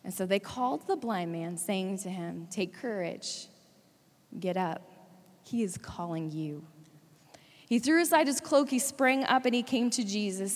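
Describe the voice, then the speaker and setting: A woman preaching a sermon, retelling a story with dramatic swings between hushed and urgent delivery. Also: medium pitch, expressive, a little slow. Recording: long hall reverb.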